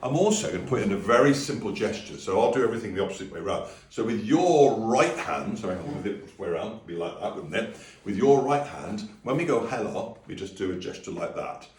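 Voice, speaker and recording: Deep-voiced man teaching a song. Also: animated, fast talker, a little hiss or hum. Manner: friendly, easygoing explanations with sung demonstrations. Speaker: music teacher. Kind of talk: video singing lesson. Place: room with a piano. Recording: echoey room, voice a little distant.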